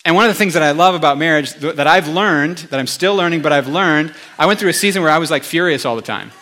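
A male pastor giving a conversational sermon, animated, with chatty asides to the congregation. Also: fairly high pitch, fast talker.

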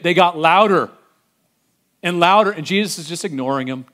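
Animated male preacher, swinging loud to soft. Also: on the high side, a little fast. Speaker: pastor. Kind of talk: sermon.

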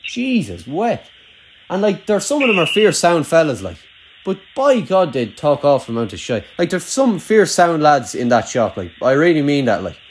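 A man's voice: a little high, sing-song, moderate pace, a little hiss or hum. A young man with a rural Irish accent, chatting casually, swearing freely and rambling with lots of "like". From Ireland. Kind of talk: casual chat.

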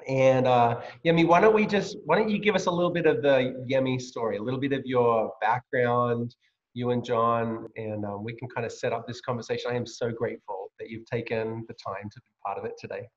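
A man's voice: mid-range voice, steady tone. Male host from Australia, friendly, hesitant delivery, slightly muffled video-call audio. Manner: friendly, halting with fillers. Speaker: pastor hosting an interview series. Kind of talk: casual video-call interview.

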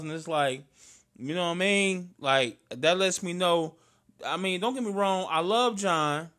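Animated, bright-voiced St. man. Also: high-pitched. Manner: loud, animated storyteller, slangy and emphatic. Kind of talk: casual chat between cousins.

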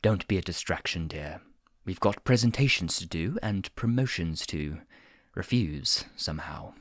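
A prim, fussy angel, flustered and polite in a fan audio drama. The voice sits very low yet leaps around a lot. The sound is dry and close. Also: female voice, animated, a little slow, dry recording, heavily acted. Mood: fondly prim.

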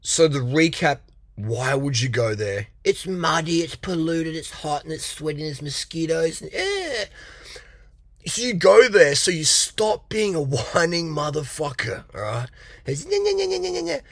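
Man, middle-aged, motivational coach, swearing, mocking, husky voice, dry sound. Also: a little high, sing-song, a little slow, no room sound. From Australia. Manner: blunt, swearing, mocking, laughs often. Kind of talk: profane motivational rant.

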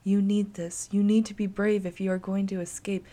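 A woman voicing the gentle ghost of a young girl, speaking softly and calmly to reassure. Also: mid-range voice, normal speed, lightly acted. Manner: soft, calm, reassuring.

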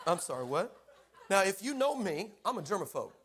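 This is a man preaching, his voice fairly high, as he delivers a humorous church story with ups and downs in energy. Playful throughout, he's quick to poke fun at the people listening.

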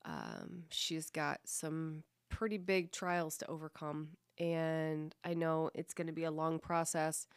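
A woman's voice: deep voice, big pitch swings, slow pace, few pauses, smooth, dry recording, clean studio sound. A woman hosting her own podcast, talking casually and bluntly, with lots of swearing and self-deprecating jokes. She also coaches kids in fitness. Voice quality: voice described as a radio voice. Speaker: podcast host. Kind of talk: casual solo podcast monologue.

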